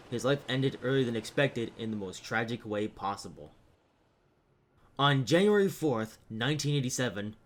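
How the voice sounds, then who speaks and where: A man narrating a cartoon story in a plain, steady manner. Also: medium pitch.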